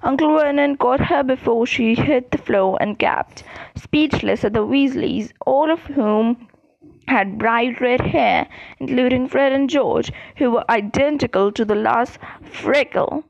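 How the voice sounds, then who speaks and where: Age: adult. Sex: woman. Quality: high, gravelly reading voice. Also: measured pace, no echo, muffled recording. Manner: steady, plain reading with a few slips. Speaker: audiobook reader. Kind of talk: storybook narration.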